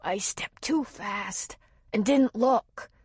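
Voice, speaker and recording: Woman putting on a raspy frightened man. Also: mid-range voice, a little mellow, no room sound, studio quality. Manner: halting, pleading.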